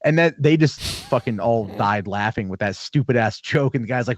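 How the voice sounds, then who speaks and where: A man's voice: medium pitch, a little fast, dry recording. A man, a guest on a podcast, chatting casually and telling rambling, profane anecdotes.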